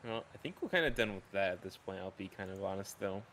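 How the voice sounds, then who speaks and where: Casting: man, low lively voice, hesitant host, faint room hum. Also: fast talker. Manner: hesitant, full of fillers. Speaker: podcast host steering the topic. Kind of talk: casual group chat.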